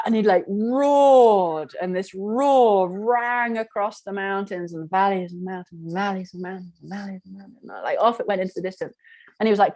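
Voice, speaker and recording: A woman's voice: mid-range voice, normal speed, a little mellow, dry recording. Woman in middle age, spiritual teacher sharing her story, frank and loose, dry close mic. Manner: frank, rambling, heavy use of "like". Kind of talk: candid personal storytelling to an online class.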